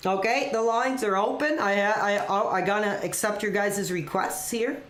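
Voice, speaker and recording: A woman's voice: medium pitch, normal speed. A woman hosting a live call-in stream, talking in an earnest, emotional, rambling way full of "you know" and "like". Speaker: call-in show host. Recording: roomy echo.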